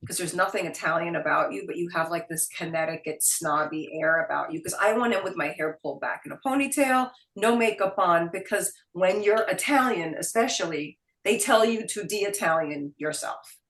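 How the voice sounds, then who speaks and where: A middle-aged woman from Queens with a New York accent speaks a little low. She tells stories lively and salty, acting out other people's lines. She is picked up from some distance in a roomy space. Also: moderate pace, hardly any pauses. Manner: animated, quotes people in put-on voices, swears casually. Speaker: guest. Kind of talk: casual storytelling interview. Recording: roomy sound, voice a bit off mic.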